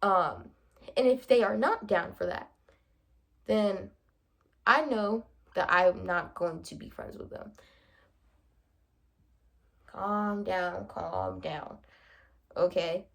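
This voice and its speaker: A young woman vlogging in a casual, animated way, playfully acting out both sides of her conversations. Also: medium pitch, slow, gravelly, pauses often. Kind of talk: casual chatty vlog monologue.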